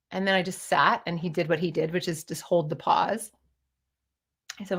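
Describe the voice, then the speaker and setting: A woman's voice: fairly low pitch, fairly even intonation, normal speed, fairly bright tone, breathy edge. A woman in her fifties telling a personal story in a candid, digressive way, swearing casually as she goes. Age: 50s. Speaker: storyteller and playwright.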